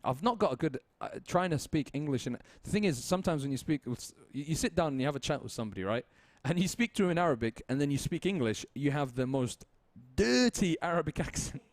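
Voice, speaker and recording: A young Mancunian man casting a shooter match. He talks at a mid pitch in a chatty, rambling way, doubling back on his words and laughing easily, with faint game gunfire behind him. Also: animated, fast talker, hardly any pauses, no echo. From Manchester, with Libyan roots. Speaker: esports caster. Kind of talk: casual esports commentary.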